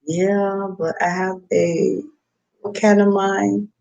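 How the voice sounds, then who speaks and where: A woman's voice: mid-range voice, fairly even intonation, takes it slowly, creaky, darkish tone, dull audio. A woman vlogging in a meandering, casual monologue, repeating herself as her thoughts wander. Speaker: mukbang vlogger.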